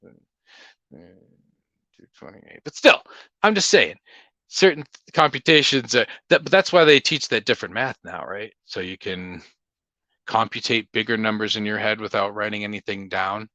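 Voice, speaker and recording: A man's voice: fairly low pitch, normal speed, sharp tone, dry recording. A man hosting a casual livestream Q&A, talking in a blunt, opinionated, rambling way. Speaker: livestream host.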